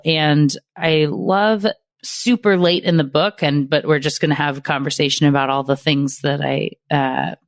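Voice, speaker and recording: A woman's voice: low voice, dry recording, studio quality. A woman hosting a podcast interview, chatting and thinking aloud with plenty of fillers. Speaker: podcast host.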